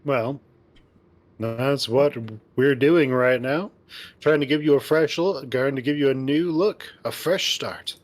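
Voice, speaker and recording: A man's voice: mid-range voice, takes it slowly, close to an everyday voice. A man voicing an upbeat young male furry friend who narrates in first person, encouraging and teasing, reading a visual novel aloud.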